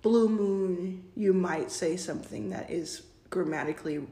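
A woman in her forties chatting casually as a co-host, playful and quick to laugh. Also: lowish voice, dark tone. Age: 40s. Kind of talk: casual chat. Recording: roomy echo.

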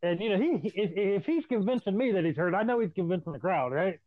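Speaking fast with lively intonation and a high-pitched voice, a man recounts profane wrestling tales in relaxed conversation, imitating the people in them. He's a podcast co-host and former wrestler, heard through a dry, tinny, phone-like recording.

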